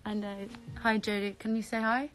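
A young woman, chatting excitedly on a live stream from her bedroom, breathless and repeating herself. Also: medium pitch, moderate pace, soft background music. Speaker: social media creator on a live stream. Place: bedroom at home.

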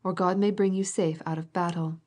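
A woman reading a stern, deep-voiced old lady. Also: steady tone, fairly quick, natural voice. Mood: scolding. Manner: loud, commanding and scolding.

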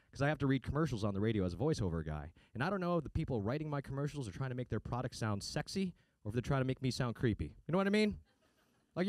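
A man's voice: fairly high pitch, no echo. A man doing a stand-up comedy set, with a sarcastic, punchy delivery and mock voices. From United States.

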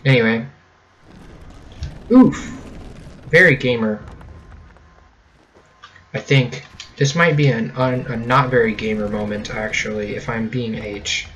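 A man's voice: mid-range voice, steady tone, slow, pauses often, fairly bright tone, lo-fi sound. A young man giving casual, jokey gameplay commentary with sarcastic running gags. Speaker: let's play host.

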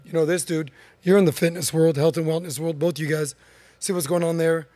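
A man's voice: fairly high pitch, steady tone, brisk, mellow, dry recording. A man hosting a podcast in casual studio chat, upbeat and teasing his guests, with a voice he says is going. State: losing his voice. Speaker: podcast host.

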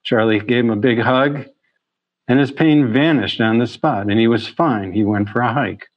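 A physician with a mid-range voice gives a presentation on chronic pain, earnestly telling patient stories and often restarting his phrases. He talks at normal speed, and the recording is muffled.

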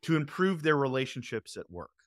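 A male podcast host talks with a guest in a conversational, appreciative way. His pitch moves up and down a lot. The sound is close and dry. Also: sing-song, a little fast, no room sound. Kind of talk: podcast interview.

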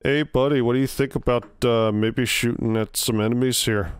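A man's voice: mid-range voice, fairly even intonation, normal speed, clean tone, no room sound, pitched above the performer's own voice, natural voice. A man putting on a joking Canadian accent to voice a clueless soldier rambling about his useless shotgun. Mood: goofy. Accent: put-on Canadian. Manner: rambling, folksy, mocking.

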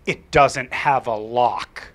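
A man voicing a blunt, stubborn young girl who gives short, flat answers. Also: mid-range voice, very fast, close to an everyday voice. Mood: curt, matter-of-fact.

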